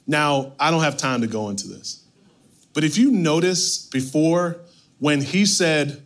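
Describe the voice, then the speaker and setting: A male pastor preaching a sermon, reading scripture and retelling it with animated, playful asides. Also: on the high side, moderate pace.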